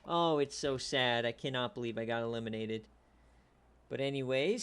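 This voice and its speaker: At a moderate pace, a league stream host gives loose, humorous play-by-play recaps. His volume shifts from low mumbling to enthusiastic shouts.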